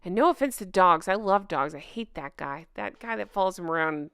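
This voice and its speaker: A woman's voice: lowish voice, lively intonation, a little fast, a bit bright, clear, resonant tone, dry recording, studio quality. A woman giving sarcastic casual commentary, laughing often and mocking with asides. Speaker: commentary vlogger.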